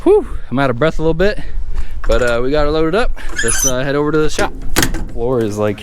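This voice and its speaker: A man's voice: fairly high pitch, animated, a little fast, noisy background. A young man chatting casually and joking while he films his car project. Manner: laid-back, joking, slangy. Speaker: car vlogger. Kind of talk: casual chat.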